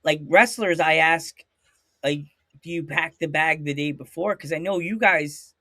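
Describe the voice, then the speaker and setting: An American man hosting a podcast interview, gushing and animated, acting out little voices as he talks. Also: on the high side, measured pace, no echo, studio quality. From United States. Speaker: podcast host. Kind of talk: excitable casual interview.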